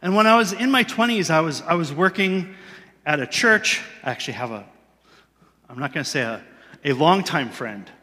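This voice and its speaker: A pastor preaches in a church sanctuary in a loose, conversational style, often laughing and making fun of himself. His voice is a little high, expressive, and sharp in tone, at a normal speed. The big hall adds a long reverb to the recording.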